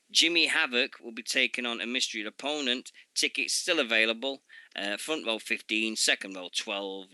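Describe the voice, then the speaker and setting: A man hosting a casual radio show, reading event listings in a halting way full of fillers and asides. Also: mid-range voice, pushed and bright, no room sound.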